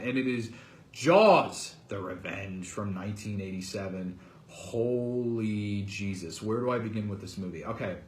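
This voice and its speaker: A man's voice: medium pitch, fairly bright tone. Incredulous man ranting in an echoey room. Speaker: host. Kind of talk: casual movie review.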